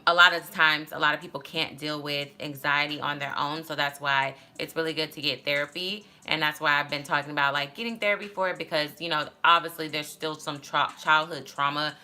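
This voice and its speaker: A woman talks candidly to her phone camera, giving casual advice in a rambling way. Her voice sits low but has a bright, forceful edge. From Texas. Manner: candid, rambling, many fillers. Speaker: vlogger.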